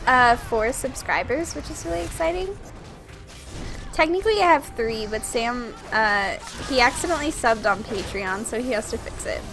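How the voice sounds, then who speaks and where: Streaming a video game, a young Minnesotan woman chats casually and giggles in her local accent. Her voice is on the high side, animated, gravelly and a bit bright, at a normal speed.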